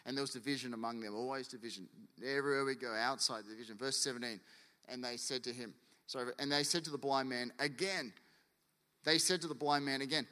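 A man preaching a sermon, animated and acting out quotes and stories. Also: medium pitch, quick pace. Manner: animated, acts out quotes and anecdotes. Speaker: pastor. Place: church hall. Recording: long church hall reverb.

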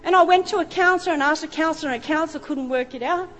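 A woman's voice: high voice, rapid-fire, a bit bright. A middle-aged woman preaching a sermon, telling her own story with emotion. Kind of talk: sermon testimony. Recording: reverberant hall with faint music.

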